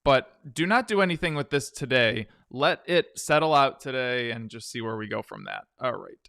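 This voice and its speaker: A man hosts a live stock trading stream, chatting casually with viewers, answering their questions while reading charts, and humming "dun dun dun" between tickers. His mid-range voice moves at normal speed and sounds gravelly, pushed, and bright, with a clear, resonant tone. The studio-quality audio has no room sound.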